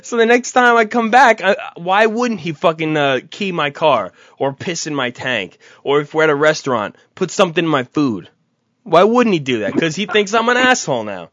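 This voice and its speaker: A man's voice: fairly high pitch, sing-song, moderate pace, a bit bright, dry recording, dull audio. A man co-hosting a casual chat, arguing heatedly and cursing freely. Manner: profane, heated, mocking. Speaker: podcast co-host.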